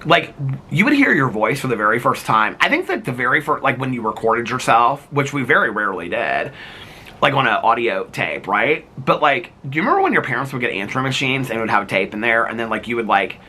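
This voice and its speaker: A man's voice: medium pitch, a little fast, husky. A middle-aged man vlogging in a rambling, chatty way, full of "like" and "you know," and laughing at himself as he tells stories. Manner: animated storyteller who laughs at himself. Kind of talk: casual chat to camera.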